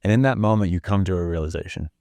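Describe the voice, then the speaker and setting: A man's voice: low voice, racing, creaky, darkish tone, dry recording. A man hosting a podcast, telling a reflective story in the second person, earnest and casual with some swearing. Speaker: podcast host.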